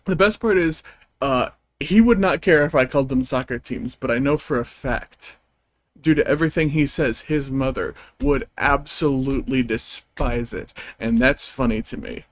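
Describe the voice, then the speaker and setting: A man's voice: medium pitch, moderate pace. A man streaming a game, chatting in a rambling, amused way as he tells stories. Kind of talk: casual chat while gaming.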